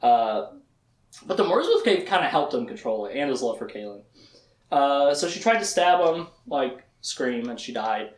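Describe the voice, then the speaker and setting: A man's voice: mid-range voice, big pitch swings, moderate pace, echoey room. A man casually recapping fantasy books, acting out the characters and laughing as he goes. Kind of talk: casual book discussion.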